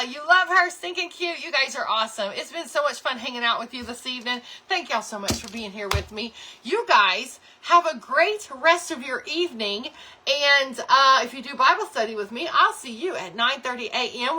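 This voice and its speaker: A woman's voice: sits high, pushed and bright. A woman hosting a live crafting tutorial, chatting cheerfully with viewers while she works. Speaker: craft channel host.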